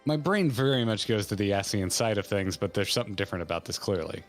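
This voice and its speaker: A man's voice: on the low side, lively intonation, fast talker, soft background music. A man casually talking over a video game story with his co-host, reading its dialogue aloud and puzzling over it. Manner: reads game dialogue aloud, then muses over it thoughtfully. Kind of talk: casual gaming stream chat.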